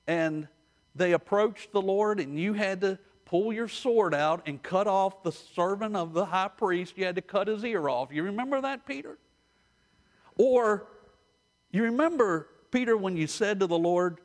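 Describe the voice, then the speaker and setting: A man preaching a sermon, retelling stories with animated, direct address to his listeners. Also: high-pitched, normal speed.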